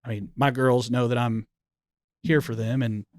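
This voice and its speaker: A man in casual podcast chat, telling animated family stories full of "like" fillers. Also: mid-range voice, normal speed, dry recording, clean studio sound. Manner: animated storyteller, many "like" fillers. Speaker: podcast guest, firefighter.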